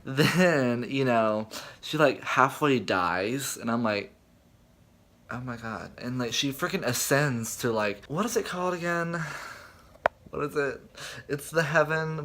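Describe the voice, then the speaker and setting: Young male book vlogger with a gravelly voice, casual and dramatic. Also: medium pitch, fairly bright tone. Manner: chatty, dramatic, filler-heavy. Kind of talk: casual reading vlog.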